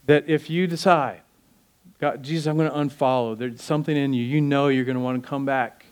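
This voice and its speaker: Fervent preacher, a man with a higher voice. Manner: emphatic, rhetorical questions, rising to fervent peaks. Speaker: pastor. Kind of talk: sermon.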